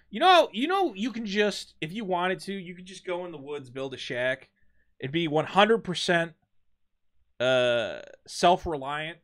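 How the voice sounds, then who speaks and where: A young man hosting a charity livestream, riffing in animated, profane comic chat. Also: fairly high pitch. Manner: riffing, animated, swears a lot. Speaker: streamer hosting a charity stream. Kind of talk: casual comedic chat.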